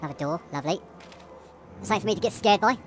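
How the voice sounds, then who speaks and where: A woman's voice: fairly low pitch, racing, faint music behind. Jumpy, swearing woman gamer. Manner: jumpy, swears a lot, nervous laughing. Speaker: let's play gamer. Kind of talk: horror game commentary.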